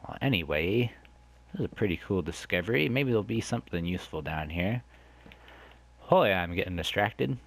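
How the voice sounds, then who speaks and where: A man hosting a let's play, chatting to viewers in a rambling way and exclaiming loudly when something surprises him. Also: deep voice, expressive, fairly quick, creaky, no room sound. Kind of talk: gameplay commentary.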